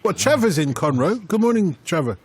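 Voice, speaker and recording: A man's voice: sits high, very animated, fairly quick, breathy edge. A man hosting a radio football phone-in, reading out listener emails and coaxing his pundits with teasing banter.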